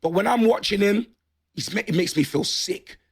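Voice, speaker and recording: A man delivering a comic, shouty football rant with slang tags after every line, his voice hoarse and raspy. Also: high voice, normal speed. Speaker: football fan ranting on video.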